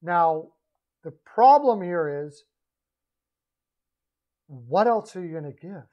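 A man's voice: on the high side, slow pace, dull audio. A man giving casual solo hockey trade commentary, rambling and correcting himself as he goes. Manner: rambling, self-correcting, animated asides. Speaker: hockey podcaster.

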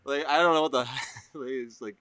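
A man's voice: medium pitch, steady tone, moderate pace, a bit bright. A man co-hosting a podcast, talking casually about movies in a hesitant, stumbling way full of fillers. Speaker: podcast co-host.

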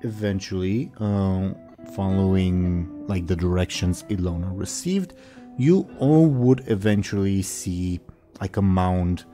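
A man narrating as game master of a tabletop role-playing game over a voice call, talking in a rambling, halting way full of fillers, and he has the hiccups. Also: low-pitched, dark tone, soft background music.

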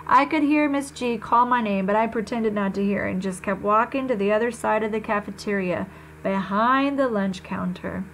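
A woman reading a first-person novel aloud, conversational and expressive, with small slips. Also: medium pitch, normal speed, slight background noise, low-quality recording. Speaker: reader.

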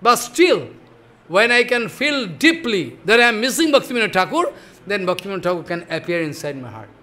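A man delivers a devotional sermon in a high, bright voice. He is emphatic and questioning, repeating points and checking that listeners follow. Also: very animated, a little fast. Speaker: spiritual teacher.

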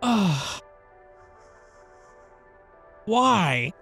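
A man's voice: sits high, very animated, drawn-out words, bright, forceful tone, soft background music. A man hosting a let's play, giving sarcastic, profane running commentary on a horror game. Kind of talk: gaming commentary.

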